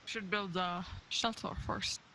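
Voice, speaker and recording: Male player, dry humor, bright voice. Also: high voice, steady tone, takes it slowly, a little hiss or hum, low-quality recording. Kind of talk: casual tabletop play.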